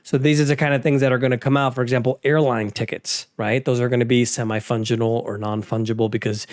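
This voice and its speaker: Hosting a laid-back market and crypto news rundown, a man talks offhand and conversationally, dropping sarcastic asides, using fillers and often restarting. His mid-range voice is flat and quick. The sound is clean studio audio with no room sound.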